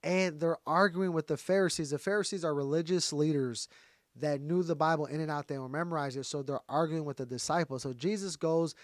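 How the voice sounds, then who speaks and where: A man's voice: fairly high pitch, brisk, no echo, clean studio sound. A man teaching from the Bible in a casual sermon style, talking straight to his viewers. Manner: conversational, talks straight to viewers.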